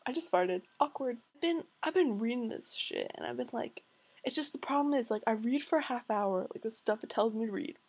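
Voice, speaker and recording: Teen girl vlogger, raspy with vocal fry, casual rambling and cursing. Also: a little high, lively intonation, fairly quick, a little mellow. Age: late teens. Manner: rambling, swearing, self-mocking. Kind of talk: casual chat to camera.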